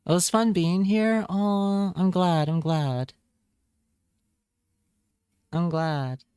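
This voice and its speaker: A man's voice: sits high, fairly even intonation, extremely slow, a little mellow, smooth, no room sound, studio quality. A man chatting casually on a live stream, reading chat aloud and joking around. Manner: playful, jokey, reads chat aloud.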